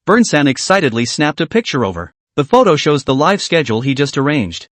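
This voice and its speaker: Male recap narrator, animated, slightly high, dry close sound. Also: brisk, few pauses, no room sound. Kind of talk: scripted story narration.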